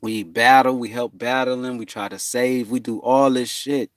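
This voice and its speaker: A man telling a rambling spiritual story in a profane, meandering way, full of fillers and sudden high, loud voices for the people he quotes. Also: steady tone, a little slow, dry recording.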